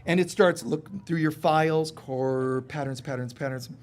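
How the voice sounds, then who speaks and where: A man preaching a live sermon with a slightly raised pitch. He talks to the congregation like friends, joking and acting out quick little voices. On serious points he goes soft and quiet. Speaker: spiritual teacher.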